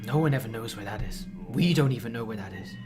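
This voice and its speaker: A man playing a gaunt, starved and wary grown man who talks in a low, guarded mutter from behind a door, in a horror tabletop game. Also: expressive, fast, over music, lightly acted.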